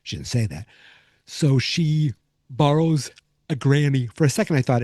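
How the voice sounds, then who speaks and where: With a medium-pitched, dark voice at normal speed, a man hosts a podcast and loosely recaps an episode. His casual delivery rambles, packed with fillers and restarts, and the studio sound is clean with no echo.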